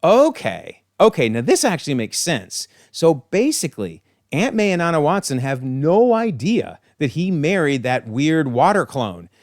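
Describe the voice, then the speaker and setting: A man hosting a comic breakdown with enthusiastic, excitable commentary. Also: fairly high pitch, a little slow, hardly any pauses, no echo, clean studio sound. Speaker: channel host.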